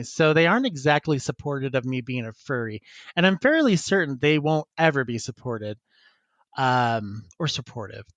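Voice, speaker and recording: Male podcast co-host, slightly high, giggly and rambling, dry close-miked sound. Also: a bit bright, no echo. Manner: laughs often, chatty and rambling. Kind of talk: casual chat, reading listener emails.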